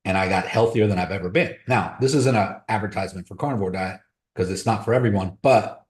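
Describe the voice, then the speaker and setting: A man's voice: on the low side, quick pace. Blunt man talking in an echoey room. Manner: blunt, motivational, storytelling. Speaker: host of a crypto trading webinar. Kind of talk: casual live-stream talk. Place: room on a video call.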